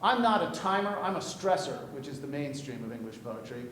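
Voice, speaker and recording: A man gives a classroom lecture on verse, joking and quizzing his students as he goes. His voice sits a little high and carries a roomy echo. A faint low rumble runs under the recording. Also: a little fast. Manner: lively, jokey, asks the class questions. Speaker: poetry teacher. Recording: echoey room with light rumble.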